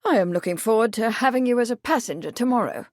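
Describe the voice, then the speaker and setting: An eager young gentleman driver who speaks offhandedly, as a woman reads him. The recording is dry and close. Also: on the high side, lively intonation, fast talker, no room sound, natural voice. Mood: offhand.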